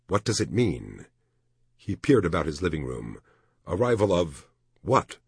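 Male audiobook narrator, very deep voice, husky, lively pitch, dry close sound. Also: normal speed, dry recording.

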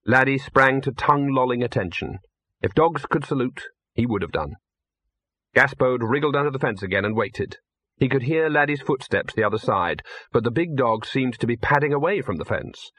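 A man's voice: lowish voice, lively intonation, moderate pace, a bit bright, dry recording. Man narrating a story, dry close sound. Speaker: audiobook narrator. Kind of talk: scripted narration.

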